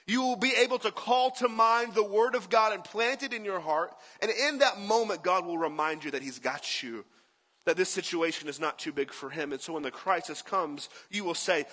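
A man's voice: high voice, pushed and bright, in a large hall. A man preaching a sermon as a pastor, in a conversational way, often asking his listeners "right?".

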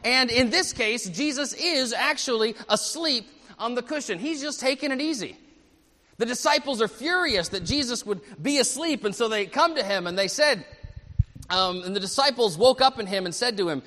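A male pastor preaching a sermon at a church service, animated and asking the congregation questions. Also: very high voice, moderate pace, in a large hall.

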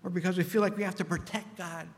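Male pastor, earnest conversational preaching, slightly higher voice, long church-hall reverb. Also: fairly even intonation, fast talker. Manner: earnest, conversational preaching with frequent "right?" asides. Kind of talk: sermon.

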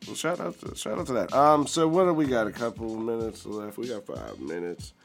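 A man's voice: mid-range voice, very animated, brisk, creaky, faint music behind. Laid-back joking male host. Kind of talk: casual chat.

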